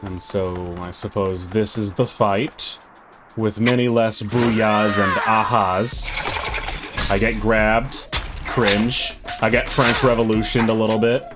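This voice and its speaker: A man's voice: lowish voice, steady tone, slow, music in the background. A man recording a voice-over commentary of his own gameplay, wry, sarcastic and self-mocking. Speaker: gaming channel host.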